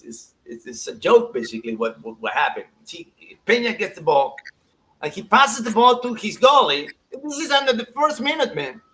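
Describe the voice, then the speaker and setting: A man co-hosting a soccer show in a casual, animated chat, laughing often and restarting his sentences. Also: very high voice, poor audio.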